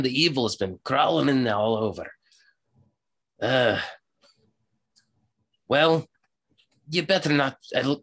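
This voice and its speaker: A man voicing a grumpy little old male halfling with a white beard, speaking in a high squawking voice with rough slang. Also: a bit bright, natural voice. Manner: cockney-ish slang, "me tail", high squawk.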